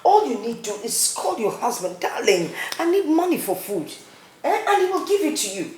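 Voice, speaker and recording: A woman's voice: sits high, sing-song, fairly quick, a little mellow, a little hiss or hum. An older woman with a Nigerian accent playing a meddling mother who mocks her son's wife and defends her grown son. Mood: mocking. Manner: teasing, scolding. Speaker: husband's mother. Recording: echoey room.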